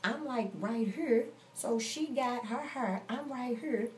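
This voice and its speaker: A woman's voice: a little high, takes it slowly, slight background noise. A woman in her forties telling a story in a casual, blunt and profane rant. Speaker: vlogger.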